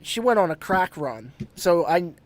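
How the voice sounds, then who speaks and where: Very animated yet measured in pace, a high-voiced male podcast host tells a ghost story casually, cursing heavily, laughing, rambling and restarting his sentences. The recording is dry.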